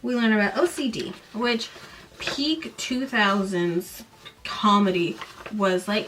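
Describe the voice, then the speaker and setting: A woman in her late twenties to thirties hosting a podcast, recapping a book in a casual way with sarcastic, animated, mocking asides. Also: medium pitch, a little slow, distant mic, slight background noise. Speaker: podcast host.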